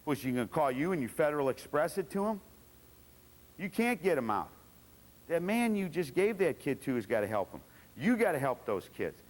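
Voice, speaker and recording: A man's voice: on the high side, big pitch swings, moderate pace. A man lecturing as a football coach at a clinic, blunt and profane, acting out his players' voices. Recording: long reverb of a lecture hall.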